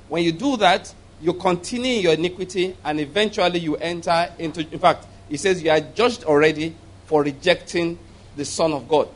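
High-voiced emphatic male preacher. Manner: emphatic, repeats and asks the audience to follow. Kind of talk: sermon.

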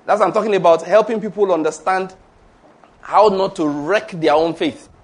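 A man's voice: high-pitched, moderate pace. A man preaching a sermon, laughing between points and calling on the congregation to repeat after him. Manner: animated, laughing asides, call-and-response with congregation. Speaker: pastor.

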